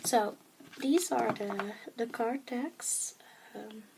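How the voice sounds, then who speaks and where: A woman with a Dutch accent, talking softly and hesitantly in a casual show-and-tell vlog, often dropping into a whisper, with many pauses and fillers. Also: fairly high pitch, vocal fry, noisy background. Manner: soft-spoken, often slipping into a whisper. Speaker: craft vlogger.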